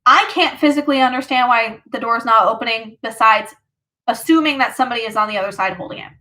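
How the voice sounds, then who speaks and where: A woman's voice: a little high, quick pace, sharp tone. A woman vlogger casually telling a personal story, rambling with lots of fillers.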